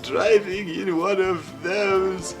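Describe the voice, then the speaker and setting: A student acting a gossiping old Southern townswoman in a school video, talking in a slow, drawn-out, old-fashioned way. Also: mid-range voice, over music. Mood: gossipy.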